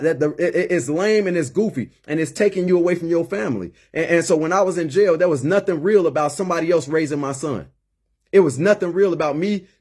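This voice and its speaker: Husky-voiced man preaching with fervor. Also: a little high, a little mellow. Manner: emphatic and preachy, repeating words as he builds. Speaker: former inmate turned community mentor. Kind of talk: impassioned personal monologue.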